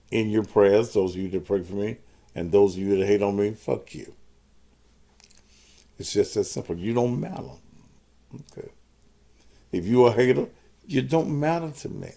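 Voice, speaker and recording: Gravelly man, profane and combative. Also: fairly low pitch, warm tone. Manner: profane, combative, cusses out viewers. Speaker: host of his own show. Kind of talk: live-stream monologue to commenters.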